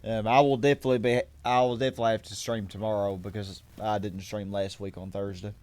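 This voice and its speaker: A man's voice: fairly low pitch, level tone, fast talker, a little mellow, no echo. A man hosting a game stream, chatting casually, rambling and correcting himself as he greets viewers. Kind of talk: casual gaming stream chat.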